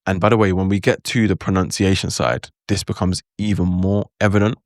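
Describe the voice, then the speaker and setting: A man's voice: low-pitched, fairly even intonation, a little fast, dry recording, clean studio sound. A man giving a casual spoken lesson on language learning, loose and chatty, full of asides and acted-out reactions. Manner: acts out his own reactions in quotes.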